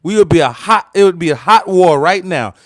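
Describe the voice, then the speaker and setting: A man's voice: high-pitched, animated, fairly quick, no room sound. An American man hosting a heated political commentary livestream, fired up and repeating himself as he talks straight to viewers. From United States. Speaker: livestream host.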